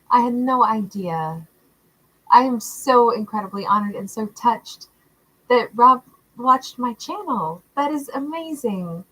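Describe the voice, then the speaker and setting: A woman hosting a livestream, greeting viewers by name in a warm, affectionate, chatty way and laughing often. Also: fairly high pitch, animated, unhurried, poor audio. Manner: warm, affectionate, calls viewers love and honey. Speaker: tarot livestream host. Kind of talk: casual livestream chat reading out viewer comments.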